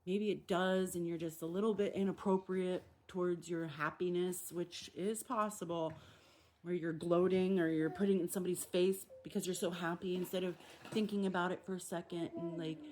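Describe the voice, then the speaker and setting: A woman, hosting a casual recovery reflection and acting out the quoted voices in her examples. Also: lowish voice. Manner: animated, acts out quoted voices. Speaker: recovery meditation host.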